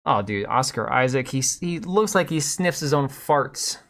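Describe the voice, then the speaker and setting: A man's voice: mid-range voice, lively intonation, normal speed, creaky, fairly bright tone. Man, live-stream host, sarcastic, mocking, casual rambling commentary. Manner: sarcastic, mocking, chats to viewers and his cat.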